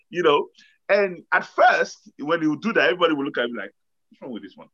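Bright-voiced man, dull lo-fi sound. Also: a little high. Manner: storytelling, acts out quotes with bursts of energy. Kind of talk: casual motivational chat.

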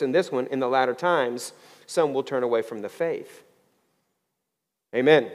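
A man preaching a sermon in a church, his voice fairly high and swinging animatedly up and down. He slows right down when he reads scripture and then presses his points home. A long reverb hangs after his words, as in a large hall. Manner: preaching with lively swings in pitch, slowing down on scripture readings. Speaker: pastor.

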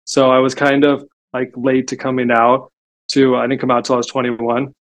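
Guy on a podcast rambling through stories, pretty monotone, lots of "like". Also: medium pitch, normal speed. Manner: chatty storytelling, frequent "like" fillers. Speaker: podcast guest. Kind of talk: casual interview talk.

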